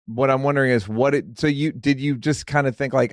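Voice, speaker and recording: Relaxed male podcast interviewer. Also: medium pitch, fairly quick, no room sound, studio quality. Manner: relaxed, probing, brief affirmations. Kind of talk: casual interview conversation.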